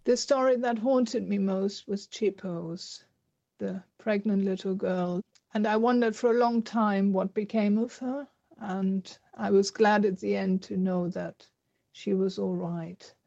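A woman's voice: medium pitch, steady tone, gravelly, dark tone. A woman earnestly asking a prepared question about a book. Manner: earnest, deliberate. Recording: dull lo-fi recording.

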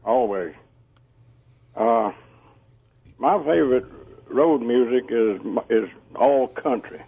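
A man calling in to a radio show, easygoing and chuckling, speaking haltingly. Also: mid-range voice, expressive, gravelly, slight background noise. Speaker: caller. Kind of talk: casual phone chat. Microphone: telephone. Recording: phone line call-in.

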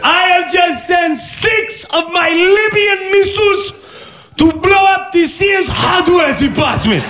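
A man doing a loud, bombastic impression of a dictator on a prank phone call. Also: slow, reverberant, a crowd in the background. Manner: booming, shouted proclamations.

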